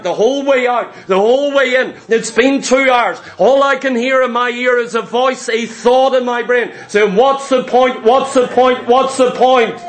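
A man's voice: extremely high pitch, fairly bright tone. A man preaching a fervent sermon, repeating phrases and calling out to the congregation as saints.

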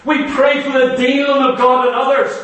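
A man's voice: very high voice, little pitch movement, moderate pace, a bit bright. A man preaching a sermon with passion, full of rhetorical questions and mock voices of his hearers. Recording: very echoey hall, voice from far off.

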